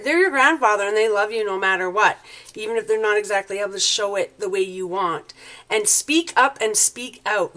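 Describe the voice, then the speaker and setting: Woman tarot reader, higher-pitched, casual coaching delivery. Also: a bit bright. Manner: chatty, coaching, acts out quoted lines in a higher voice. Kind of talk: casual spoken tarot reading.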